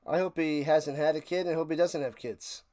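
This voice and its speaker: A man hosting a live football reaction stream, ranting sarcastically and calling plays, swinging between muttering and loud outbursts. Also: a little high, steady tone, moderate pace, no room sound, clean studio sound. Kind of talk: live sports reaction and play-by-play.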